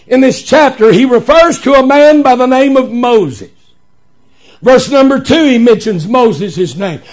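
A preacher man delivering a sermon in a folksy cadence that swells into shouted emphasis. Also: very high voice.

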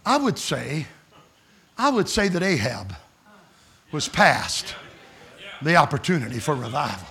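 A man preaching a revival sermon at a camp meeting, swinging from hushed pleading to shouted exclamations. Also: fairly high pitch, sing-song, a little slow, creaky, pauses often.

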